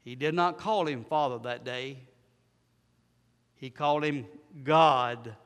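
A male preacher, delivering a sermon with repeated rhetorical questions and dramatic swings from loud to soft. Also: medium pitch, takes it slowly, smooth. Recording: long hall reverb.

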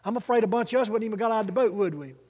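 High-voiced preacher in a reverberant hall. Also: male voice, lively intonation, rapid-fire, darkish tone, breathy edge. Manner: emphatic, has congregation repeat phrases. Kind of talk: sermon.

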